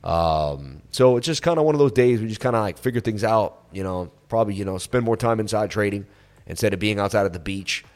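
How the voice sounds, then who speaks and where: A man hosting a crypto livestream, chatting casually and reading viewer messages in a relaxed, rambling way with lots of fillers. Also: fairly low pitch, fairly quick. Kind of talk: casual livestream chat reading super chats. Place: on vacation in Florida.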